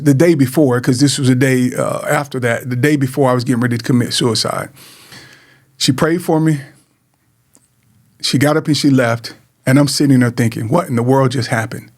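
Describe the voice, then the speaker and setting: A middle-aged man from Georgia telling a personal story in an earnest, repetitive way, often calling to his listeners. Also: medium pitch. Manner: earnest, repeats words, addresses listeners as man and guys. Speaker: host sharing personal story. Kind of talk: emotional personal testimony.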